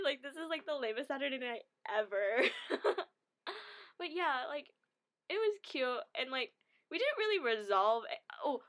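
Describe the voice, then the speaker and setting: A woman's voice: on the high side, fairly bright tone. A young woman, telling a story in a chatty, giggly way and saying "like" a lot. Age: young adult. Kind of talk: casual storytelling vlog.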